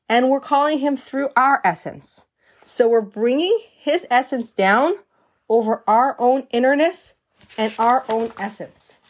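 A woman giving a Torah lesson. She reads Hebrew passages aloud, translates them line by line, and explains them with stories and questions. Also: a little high. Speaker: Torah teacher.

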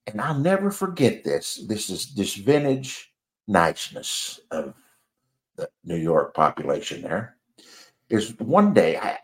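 Male storyteller, deep and animated, rambling and self-mocking in casual anecdote. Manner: rambling, chuckling, self-deprecating.

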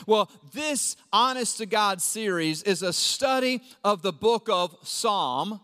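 Middle-aged male pastor, high voice, lively conversational sermon, big hall reverb. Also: takes it slowly, few pauses. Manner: lively and conversational, acting out quotes in a raised voice. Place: church auditorium. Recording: long reverb of a large hall.

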